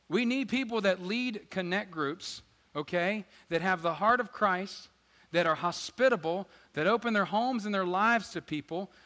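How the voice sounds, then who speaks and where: A man preaching a sermon as pastor, energetic and joking, swinging between loud emphasis and quiet asides. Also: sits high. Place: church sanctuary. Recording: church hall reverb with faint guitar.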